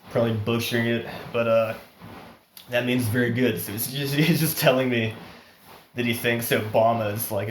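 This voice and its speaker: A vlogger from the United States tells a story in a casual, rambling way, chuckling often and restarting his sentences while his nose runs. His voice is mid-range, and the recording has a roomy echo and slight background noise.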